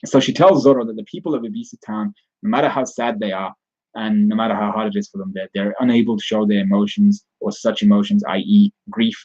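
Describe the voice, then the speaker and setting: Man, low voice, husky tone, casual chapter review, rambling restarts, dull lo-fi audio. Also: steady tone, fast talker, darkish tone. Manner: rambling, frequent restarts and self-corrections.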